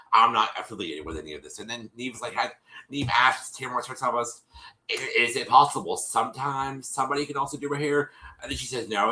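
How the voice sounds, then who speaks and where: A man's voice: mid-range voice, pushed and bright, roomy sound, poor audio. A man hosting a live stream, casually recapping a show in a rambling way, with many restarts and fillers. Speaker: host.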